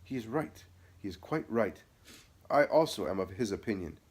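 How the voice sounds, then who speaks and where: A man's voice: lowish voice, animated, normal speed, slightly rough. A man reading the part of an earnest apostle pleading with his cousin to beware of a false friend. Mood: grave. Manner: impassioned, pleading.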